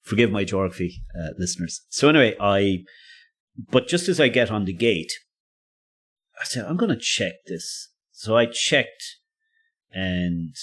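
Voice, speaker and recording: Male podcast co-host, low-pitched, loose anecdotal delivery, restarts and chuckles. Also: lively intonation, a little slow, pauses often, fairly bright tone. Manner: rambling, self-interrupting, laughs often. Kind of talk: casual storytelling.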